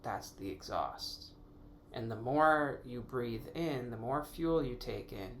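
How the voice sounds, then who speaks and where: A man's voice: mid-range voice, a bit bright, a little hiss or hum. A man hosting his own podcast, thinking aloud in a casual, rambling way, correcting himself as he goes and swearing now and then. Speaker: podcast host. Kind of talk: casual solo podcast musing.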